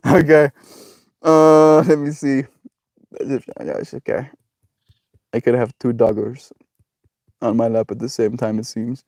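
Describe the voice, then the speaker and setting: A man's voice: medium pitch, animated, slow pace, pauses often, a little mellow, dry recording, studio quality. A man live-streaming from home, chatting casually with viewers in a rambling way, full of fillers and frequent laughter. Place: at home with pets.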